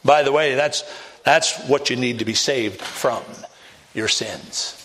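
A man's voice: mid-range voice, slow, fairly bright tone. A man preaching an evangelistic sermon, pressing listeners with direct questions and rising to emphatic peaks.

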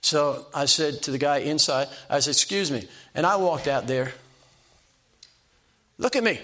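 An older preacher tells homespun stories from the pulpit. His voice sits a little high for a man, and he stumbles and restarts as he goes, then slows right down to land each punchline. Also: sharp tone. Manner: folksy storytelling, stumbles and restarts, slow emphatic punchlines. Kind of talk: sermon with personal stories.

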